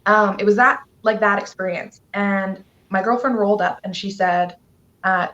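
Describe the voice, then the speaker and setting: A woman's voice: medium pitch, fairly even intonation, normal speed, a bit bright, muffled recording. Earnest Canadian woman telling her story. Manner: earnest, emotional, rambling with fillers. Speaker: guest. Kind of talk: personal storytelling on a live stream.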